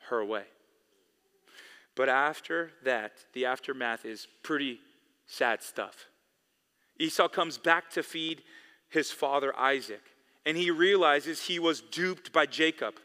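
A man's voice: medium pitch, sharp tone, clear, resonant tone. A man preaching a sermon as pastor, emphatic and repeating key phrases for weight. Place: church sanctuary. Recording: long echo of a big hall.

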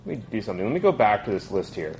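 A man in his thirties leads a group Bible study. His voice sits low, and he talks casually, full of "um"s and restarts. A soft hiss of room noise stays underneath him. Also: very animated, rapid-fire. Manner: conversational, with frequent fillers and restarts.

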